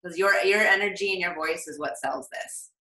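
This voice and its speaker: A woman's voice: on the low side, normal speed, pushed and bright, roomy sound, rough recording. A woman leading a team call, giving upbeat, encouraging coaching answers. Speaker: team leader hosting a call.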